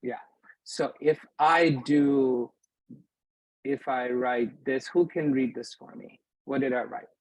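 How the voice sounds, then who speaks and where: An Arabic teacher leads a live beginners' class in a mosque classroom, patiently and often checking that his students follow. His mid-range voice is steady and slow, and the recording is rough, with no room sound.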